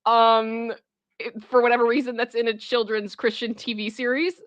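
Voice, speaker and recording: A woman hosting a casual livestream who chats with viewers and retells a comedy sketch in an animated way. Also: on the high side, normal speed, dry recording, lo-fi sound. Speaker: livestream host.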